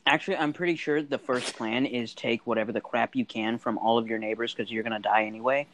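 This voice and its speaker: A man co-hosting a podcast among friends. He talks in a dry, matter-of-fact way. His voice sits at a middle pitch, neither high nor low. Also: fairly even intonation, quick pace, a bit bright, a little hiss or hum, poor audio. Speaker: podcast co-host. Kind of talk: casual chat.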